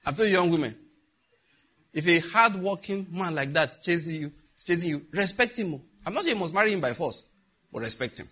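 Middle-aged man from Nigeria, husky and slightly high-voiced, a storyteller who mixes jokes with preachy advice. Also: fairly quick. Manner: laughing often, lively storyteller, preachy asides. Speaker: speaker giving advice to young people. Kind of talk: animated storytelling talk.

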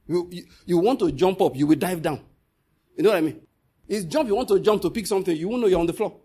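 A man preaching a sermon, telling stories and scolding his listeners, with a husky voice. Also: fast. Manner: animated, swings from loud scolding to low storytelling.

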